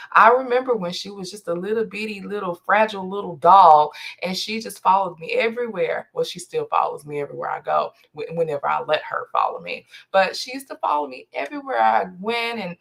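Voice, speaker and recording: A woman's voice: medium pitch, gravelly. A woman hosting a casual solo podcast, telling a family story and acting out both sides of the conversation. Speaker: podcast host.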